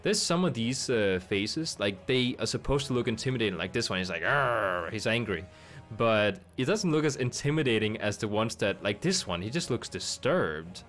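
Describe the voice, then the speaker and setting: A man's voice: fairly low pitch, lively intonation, moderate pace, a bit bright, soft background music. A man streaming a game, chatting casually and thinking aloud with amused asides. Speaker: gaming streamer.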